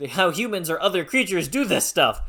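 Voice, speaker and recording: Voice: mid-range voice, big pitch swings, normal speed, fairly bright tone, pitched above the performer's own voice. A reviewer voicing a sweet, awkward male ant creature who keeps apologizing in a flustered way, read aloud as a quote in a book review.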